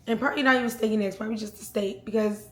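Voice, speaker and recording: Woman, storytime vlogger, casual slangy delivery, fairly high voice, echoey room. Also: racing. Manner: chatty, slangy, animated retelling.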